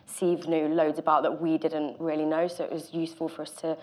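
A woman's voice: low voice, little pitch movement, brisk, a little mellow. A woman actor on a panel, speaking hesitantly with many fillers. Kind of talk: panel discussion.

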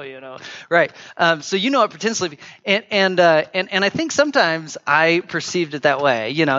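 A man's voice: on the high side, fairly bright tone, muffled recording. A man preaching a sermon as pastor, speaking in a conversational way with frequent fillers and restarts. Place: church.

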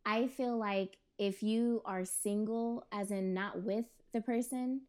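A woman's voice: medium pitch, fairly even intonation, slow, a little mellow, clear, resonant tone. Blunt woman who laughs often. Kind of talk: casual chat.

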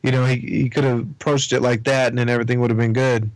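A man's voice: mid-range voice, flat delivery, quick pace, no room sound, rough recording. A man in casual chat, giving blunt, profane opinions.

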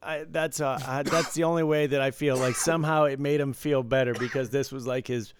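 A man's voice: medium pitch, steady tone, brisk, slight background noise. A man from Detroit with a Detroit accent, rambling in easygoing, self-deprecating casual chat about casino work. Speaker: casino dealer, podcast co-host.

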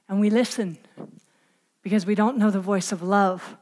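A woman's voice: mid-range voice, fairly even intonation, moderate pace, darkish tone. A middle-aged woman preaching a sermon in an emphatic, conversational way, asking her listeners to fill in the words.

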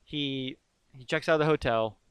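A man's voice: mid-range voice, moderate pace, a bit bright, smooth, dry recording. A man co-hosting a casual chat podcast, rambling through a movie's scenes with jokes and fillers. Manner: rambling, jokey, recaps scenes with lots of fillers. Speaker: podcast co-host.

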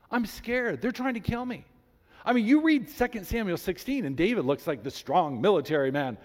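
A man preaching a sermon as a pastor, reading scripture aloud with emphasis and animated delivery. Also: sits high, moderate pace. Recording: long reverb in a large hall.

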